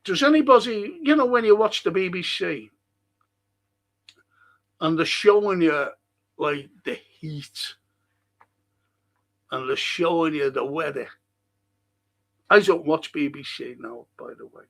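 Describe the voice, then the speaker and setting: A man's voice: a little high, slow pace, creaky, pauses often. A man hosting a rambling solo monologue, blunt, swearing and often restarting his sentences. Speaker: host.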